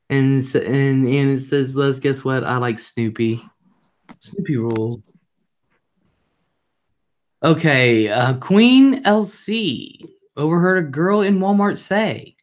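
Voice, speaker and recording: A woman hosting a casual live chat, telling brash, loud stories with lots of laughing. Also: rumbling low, slow pace. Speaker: livestream host.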